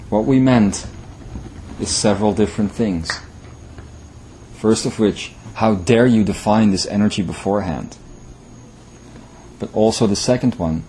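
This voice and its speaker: A man delivering a channeled spiritual message, speaking slowly and solemnly in short, measured phrases. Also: on the low side, a little mellow, a little hiss or hum.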